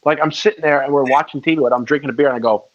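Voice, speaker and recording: A man's voice: mid-range voice, very fast. Rambling man on a lo-fi recording. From Long Island, New York. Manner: rambling storyteller, swears freely. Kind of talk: casual chat. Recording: dull lo-fi sound.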